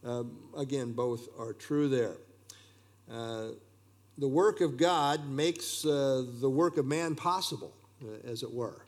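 A man teaching a verse-by-verse Bible study, unhurried, with plain explanations and frequent "uh" fillers. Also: mid-range voice.

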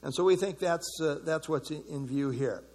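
A man's voice: on the high side, normal speed, darkish tone. A man leading an evening church Bible study in a casual, conversational way, commenting on verses and asking the group for thoughts.

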